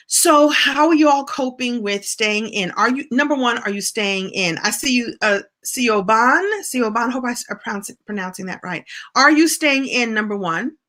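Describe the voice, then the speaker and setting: A woman's voice: medium pitch, pushed and bright. A woman in her late fifties hosting a casual livestream, chatting playfully and greeting viewers by name. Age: 50s. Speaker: livestream host.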